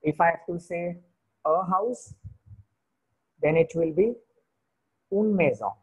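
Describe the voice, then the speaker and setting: Husky man teaching beginner vocabulary. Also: high voice, darkish tone, low-quality recording. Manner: slow, repeats each word, switches to Hindi to explain. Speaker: French teacher. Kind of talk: beginner language lesson.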